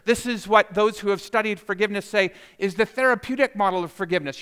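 Preacher, male, high clear voice, sermon in a reverberant sanctuary, rising from reflective to impassioned. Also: fast, few pauses. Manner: builds from quiet reflection to impassioned emphasis. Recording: long hall reverb.

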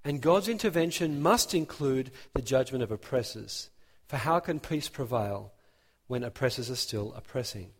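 Animated male preacher in a reverberant hall. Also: mid-range voice, normal speed, husky. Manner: animated, emphatic preaching with rising emphasis. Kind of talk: sermon.

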